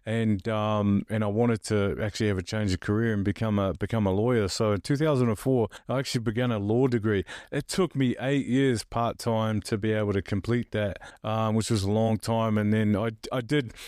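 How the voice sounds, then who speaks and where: A man from New Zealand with a New Zealand accent, a podcast guest talking casually and haltingly with many restarts. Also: lowish voice, fairly even intonation, a little mellow, no room sound, studio quality. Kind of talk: casual interview talk.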